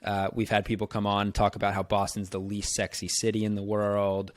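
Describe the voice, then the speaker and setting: Low-voiced guy hosting a chill sports podcast, dry close mic, easygoing. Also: completely flat delivery, a little fast, no echo. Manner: easygoing, agreeable, laughs along. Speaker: podcast host. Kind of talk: casual sports podcast chat.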